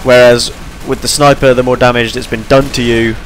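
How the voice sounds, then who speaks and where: A man's voice: mid-range voice, little pitch movement, brisk, slight background noise. A tired young man giving rambling, chatty commentary over his gameplay, yawning between points. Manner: rambling, chatty, self-deprecating.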